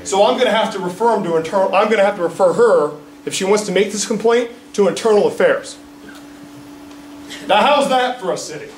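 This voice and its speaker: A man, a political candidate, gives an indignant, animated speech at a press conference and keeps checking in with the crowd. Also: sits high, brisk. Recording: roomy, distant mic, faint background noise.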